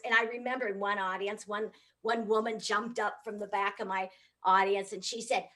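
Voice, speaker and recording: A middle-aged woman from the United States giving a comic, animated keynote talk. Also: medium pitch, moderate pace. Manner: animated, comic, swoops up for punchlines. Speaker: motivational speaker.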